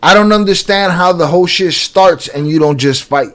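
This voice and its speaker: A man's voice: high voice, normal speed, a bit bright. A man giving casual, slangy reaction commentary on a video, joking and laughing as he talks. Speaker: reaction streamer.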